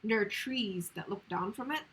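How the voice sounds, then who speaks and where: Husky, chatty woman streamer. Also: medium pitch, normal speed, a bit bright, low-quality recording. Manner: chatty rambling storyteller with many fillers. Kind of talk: casual chat on a live stream.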